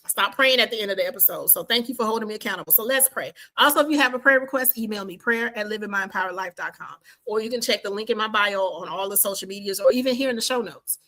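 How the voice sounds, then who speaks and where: A woman in her fifties hosts her own podcast, her voice bright and sharp. She talks in an animated, repetitive way, urging listeners on, then moves into fervent spoken prayer. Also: medium pitch, fast talker, hardly any pauses. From Washington, D.C. and the Carolinas, USA. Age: 50s. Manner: animated, repeats phrases for emphasis, prays fervently. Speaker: podcast host. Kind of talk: casual podcast outro and prayer.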